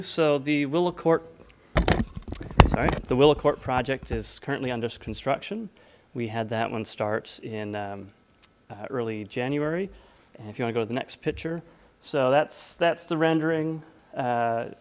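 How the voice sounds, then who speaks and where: A man presenting a housing project update to a town council, relaxed and informal with many filler sounds. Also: mid-range voice. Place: council chamber.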